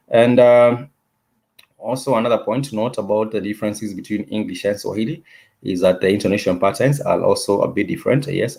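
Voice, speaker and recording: Guy teaching an online language class, lowish voice, stumbles and repeats a lot, goes slow over examples. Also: darkish tone. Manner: hesitant, repeats words and restarts often; explains patiently, repeating examples slowly. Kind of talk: casual online lesson.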